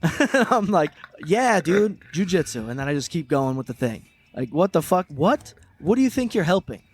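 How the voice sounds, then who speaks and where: A man co-hosting a podcast, a stand-up comic who tells animated stories and acts out hecklers. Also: a little high, moderate pace, slightly rough, soft background music. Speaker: co-host, stand-up comedian. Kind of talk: casual podcast chat.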